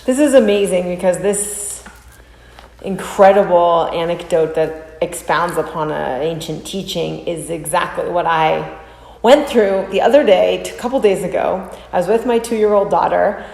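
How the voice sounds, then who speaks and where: A woman in her thirties hosting a reaction video, telling a personal story with animated delivery and acting out other people's voices. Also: fairly low pitch, moderate pace, gravelly. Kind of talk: casual reaction commentary. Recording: roomy, echoey room.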